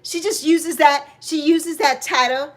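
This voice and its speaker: Woman in her 60s, New York accent, high voice, chatty livestream host who teases viewers. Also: steady tone, measured pace. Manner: chatty, teasing, laughs often. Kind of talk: casual livestream chat to viewers.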